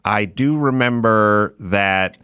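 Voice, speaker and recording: A man's voice: lowish voice, takes it slowly, pushed and bright, clean tone, no echo, clean studio sound. A man hosting a podcast, telling a wry story in casual chat. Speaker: podcast host.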